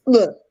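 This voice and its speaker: A woman's voice: dark tone, low-quality recording. A woman hosting a podcast, explaining communication styles in a teaching tone with casual slang asides. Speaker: podcast host.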